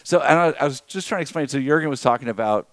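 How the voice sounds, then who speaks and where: A man's voice: medium pitch, animated, fast, a bit bright, dry recording. A middle-aged man with a Louisiana accent, co-hosting a casual chat and telling rambling travel stories with restarts. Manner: rambling anecdotes with restarts, acts out voices in quotes. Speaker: podcast co-host.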